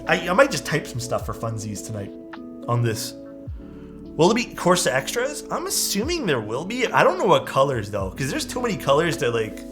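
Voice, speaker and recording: A young man chatting casually on a live stream, animated and swearing often, calling his viewers dude. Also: mid-range voice.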